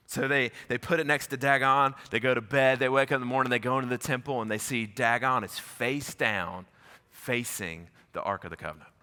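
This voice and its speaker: Guy pastor preaching, slangy and animated, loud then quiet, long church reverb. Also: lowish voice. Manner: animated storytelling, swings between loud and hushed; casual slangy speech. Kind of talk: sermon. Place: large church auditorium.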